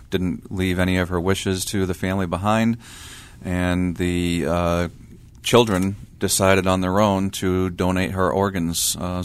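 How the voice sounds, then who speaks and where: A young man co-hosting a radio talk show, speaking in a measured way with frequent pauses and fillers. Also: low-pitched, smooth. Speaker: radio co-host.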